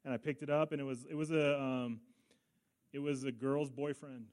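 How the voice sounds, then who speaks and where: A middle-aged man, a pastor, telling a story in a sermon with quick asides and laughter. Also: mid-range voice, flat delivery, a little mellow.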